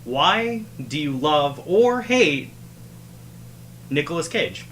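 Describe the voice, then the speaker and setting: A man's voice: on the high side, very animated, slow pace, fairly bright tone, a little hiss or hum. A man co-hosting a podcast, dry and teasing in casual chat. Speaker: podcast co-host.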